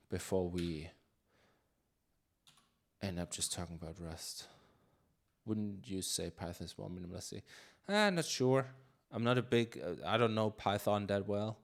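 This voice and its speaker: A man live-coding on a stream, chatting casually and thinking aloud with many fillers and restarts. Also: lowish voice. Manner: reads chat questions aloud.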